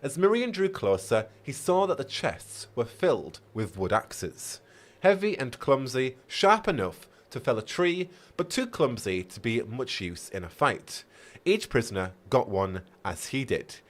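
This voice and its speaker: A man's voice: medium pitch, big pitch swings, a little slow. A man reading a fantasy story aloud on a live stream, often stumbling and rereading with chatty asides.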